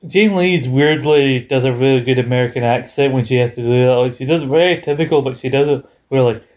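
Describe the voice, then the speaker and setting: A man's voice: mid-range voice, brisk. A man co-hosting a podcast, chatting casually and animatedly as he recaps a sitcom episode and acts out quotes. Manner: animated, reads out scene quotes in put-on voices. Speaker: podcast co-host.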